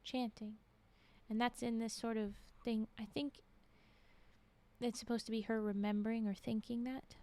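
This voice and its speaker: A woman's voice: on the high side, level tone, normal speed, mellow. A woman reading horror stories aloud on a stream, often breaking off to react and comment.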